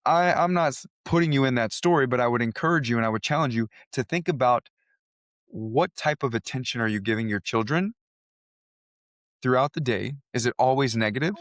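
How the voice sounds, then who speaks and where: A coach co-hosting a podcast shares stories from his coaching work in casual chat, earnest and full of conviction. His mid-range voice moves a little fast, recorded at studio quality with no room sound.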